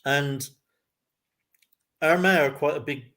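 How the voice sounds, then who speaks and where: A man living in Ireland, telling a long story in a relaxed, chatty way as a guest. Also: a little high, takes it slowly. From lives in Kerry, Ireland. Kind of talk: casual chat.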